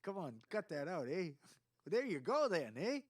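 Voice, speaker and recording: A man's voice: sits high, sing-song, measured pace, voice pushed up, full character voice. A man voicing a chummy, teasing Canadian man with a caricatured Canadian accent.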